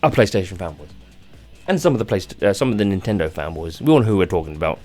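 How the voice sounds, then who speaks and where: Tired man, rambling low-voiced rant. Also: lively intonation, darkish tone, soft background music. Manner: rambling and halting, many restarts, swearing. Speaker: gaming channel host. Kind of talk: unscripted rant vlog.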